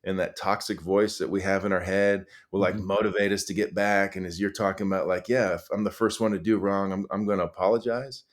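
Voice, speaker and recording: A middle-aged man speaks as a guest on a podcast, earnest and animated as he tells his stories. He keeps doubling back with fillers and restarts. His voice sits a little low. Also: a little fast, hardly any pauses. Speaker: podcast guest, high school coach. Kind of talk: conversational storytelling.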